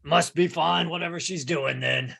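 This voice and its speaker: A man at a tabletop game talks bluntly and gruffly, often speaking in character. His voice has a gravelly fry but a bright, forceful edge. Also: a little high, normal speed. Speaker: player.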